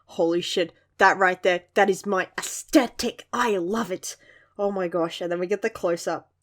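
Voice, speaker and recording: A young woman reviewing a manga chapter in casual chat, gushing and giggling often, with lively asides. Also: lowish voice, normal speed.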